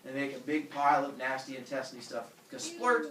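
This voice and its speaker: A man teaching a class, retelling a myth with lively acted-out character voices. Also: medium pitch, fast, slight background noise. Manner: animated, acts out characters with silly voices. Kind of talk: storytelling lesson to students. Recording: echoey room from far off.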